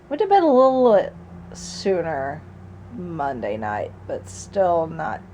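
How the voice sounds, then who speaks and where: A woman's voice: on the low side, darkish tone, highs cut off, a little hiss or hum. Tired, chatty woman vlogging at home. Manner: rambling, chatty, with laughs and asides. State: sick and tired. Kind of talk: casual chat. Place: at home by a patio door.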